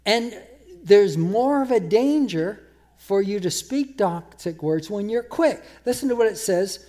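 Guy preaching, kinda high voice, gets loud and punchy on key points. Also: lively intonation. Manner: emphatic, repeats words, rises in volume for emphasis; slows down to quote scripture. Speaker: pastor. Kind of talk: sermon.

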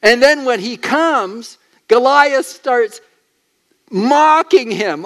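A man with a notably high voice preaches a sermon. He speaks with emphasis and keeps putting questions to his listeners. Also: expressive, very slow, fairly bright tone.

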